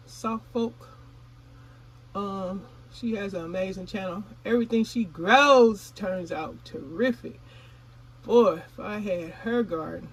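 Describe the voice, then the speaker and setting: Eine Frau, die in lockerem Plauderton für ihren Gartenkanal vlogt, ihre Zuschauer direkt anspricht und manchmal beim Kauen redet. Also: female voice, mid-range voice, husky, rough recording. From California. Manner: chatty, addresses viewers as y'all; talks while chewing. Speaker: gardening vlogger. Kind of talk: casual vlog chat.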